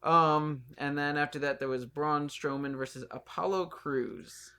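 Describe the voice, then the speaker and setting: Gravelly-voiced man in casual chat. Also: a little high, unhurried, sharp tone. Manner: laid-back, mocking impressions. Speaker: podcast co-host.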